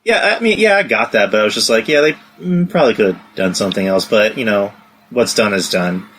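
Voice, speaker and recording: Hesitant low-voiced man, faint hiss. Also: lively intonation, a little fast, a bit bright. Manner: hesitant, full of restarts and fillers. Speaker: podcast co-host. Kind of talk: casual chat.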